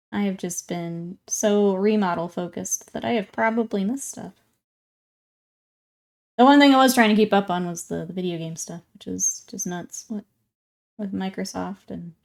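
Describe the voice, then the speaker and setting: A woman's voice: medium pitch, vocal fry, darkish tone. A woman in her twenties chatting casually with stream viewers while working on a hobby project, laughing often and welcoming people in. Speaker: livestreamer.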